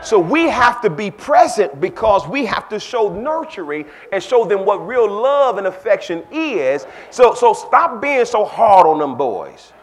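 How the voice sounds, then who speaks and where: Animated preacher with a high lively voice. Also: male voice, measured pace, few pauses. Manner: animated, swings from low asides to shouted peaks; folksy, conversational preaching with call-and-response asides. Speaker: pastor. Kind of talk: sermon.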